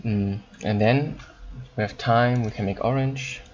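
A man teaching German in an online lesson, explaining in halting English with frequent ums and repeated words. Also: mid-range voice, highs cut off, a little hiss or hum.

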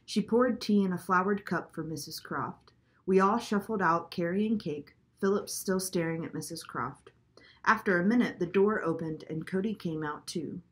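A woman reading a children's chapter book aloud at a clear, steady pace. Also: on the low side, normal speed. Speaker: storybook reader.

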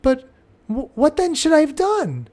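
A man doing a small earnest kid, high stammering questions, animated voice, for a read-aloud quote. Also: a little slow, full character voice. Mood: pleading. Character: small eager child, puzzled and earnest.

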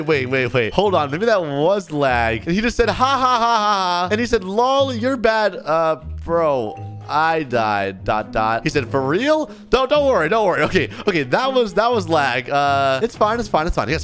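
A young man doing excited gameplay commentary as a gaming YouTuber, reading chat messages aloud and hyping himself up. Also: a little high. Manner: animated, reads chat messages aloud, hypes up.

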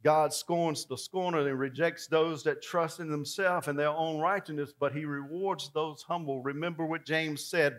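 A man preaching a folksy, dramatic sermon that swings from loud to hushed. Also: a little high, steady tone, normal speed, few pauses.

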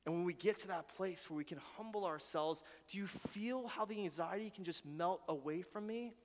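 Male pastor, high-pitched, earnest sermon voice, hall reverb. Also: moderate pace. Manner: earnest, shifts between quiet prayers and loud pleading. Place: church sanctuary.

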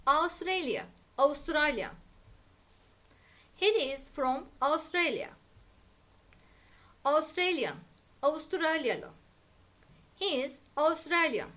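Slow, bright-voiced woman teacher. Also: high voice, animated. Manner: clear, deliberate, repeating each word for learners. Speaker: English teacher. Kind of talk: slow vocabulary drill, English word then Turkish meaning.

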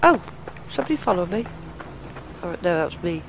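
A woman giving gameplay commentary, muttering to herself and swearing, excitable. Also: lowish voice, fairly quick, creaky, background noise. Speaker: let's play gamer.

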